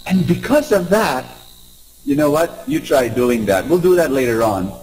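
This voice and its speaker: A man giving an inspirational talk to a live audience, animated and engaging, asking questions and leading call-and-response. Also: a little high, normal speed, a little hiss or hum, rough recording. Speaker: motivational speaker.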